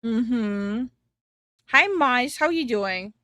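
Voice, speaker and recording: Young woman streamer, giggly chat host, unhurried delivery. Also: on the high side, animated, pushed and bright, no echo, clean studio sound. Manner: giggly, greets chat viewers. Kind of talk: casual livestream chat. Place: home streaming room.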